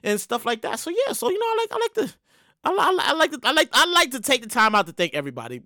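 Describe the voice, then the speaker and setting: A man hosting his own podcast, telling a story in an excitable, slangy and profane way. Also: extremely high pitch, quick pace, raised voice. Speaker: podcast host. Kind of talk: casual comedic podcast monologue.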